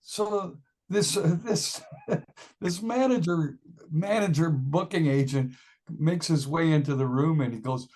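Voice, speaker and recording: A man's voice: a little high, a little slow, a little mellow. An older man, a musician being interviewed, telling a rambling story and often laughing and acting out what people said. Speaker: musician guest.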